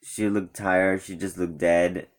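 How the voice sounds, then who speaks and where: A young man telling a rambling, animated story about a day out with friends in a casual vlog, acting out what his friends said. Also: low voice, slow pace. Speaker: vlogger.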